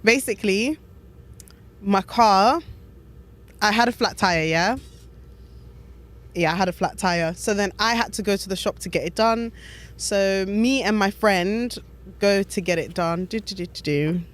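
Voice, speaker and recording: A woman's voice: medium pitch, measured pace, pauses often. Chatty woman telling a story. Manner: animated, chatty, lots of fillers. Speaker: podcast co-host. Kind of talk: casual storytelling.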